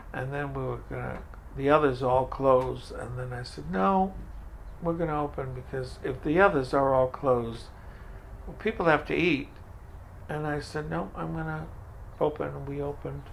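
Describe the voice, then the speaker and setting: A man's voice: medium pitch, vocal fry, slight background noise. An older man telling his story in an oral history interview, acting out the voices in his dialogues. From Franco-American, from Maine. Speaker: food pantry director.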